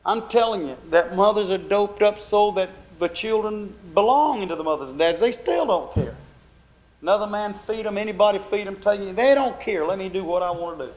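A man preaches in a folksy, homespun way, his voice sitting a little high for a man. He swings from plain storytelling into loud, emphatic outbursts. The recording is dull and lo-fi. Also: normal speed. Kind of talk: sermon.

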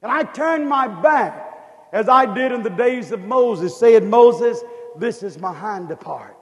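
A grave, sorrowful God, as a preacher puts him on. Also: male voice, high voice, lively intonation, measured pace, lo-fi sound. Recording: long hall reverb.

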